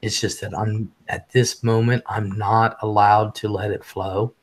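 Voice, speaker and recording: A man hosting a casual live stream. He talks fast, swears freely and reads chat messages aloud. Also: on the low side, little pitch movement.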